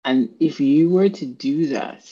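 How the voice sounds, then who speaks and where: A podcast host speaking slowly and reflectively in casual conversation, sometimes losing the thread. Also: mid-range voice, warm tone, husky. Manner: slow, reflective, loses the thread at times. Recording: dull lo-fi sound.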